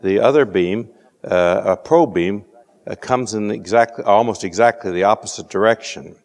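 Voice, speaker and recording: A man with a fairly low voice delivers a measured scientific lecture, dry-witted and patient. He often pauses on fillers as he works through an explanation. The sound rings with the long reverb of a lecture hall. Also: darkish tone.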